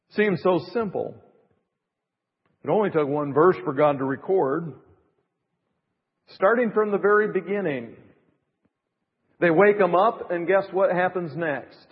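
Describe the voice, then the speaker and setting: A middle-aged man preaching a sermon as pastor, building to emphatic rising phrases and dropping to soft asides. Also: high voice. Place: church. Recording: reverberant, dull church recording.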